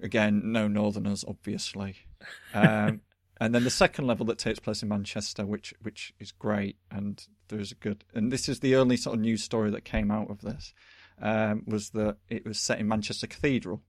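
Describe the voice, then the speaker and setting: A man, chatting casually as a podcast host, rambling and animated with lots of fillers. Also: fairly low pitch, normal speed, few pauses, dry recording, studio quality. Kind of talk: casual chat.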